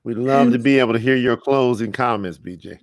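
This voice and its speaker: A man's voice: mid-range voice, fairly quick, dry recording. Man, interview host, upbeat motivational delivery, dry close-miked voice. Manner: enthusiastic, motivational, reads viewer comments aloud. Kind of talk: live-streamed interview wrap-up.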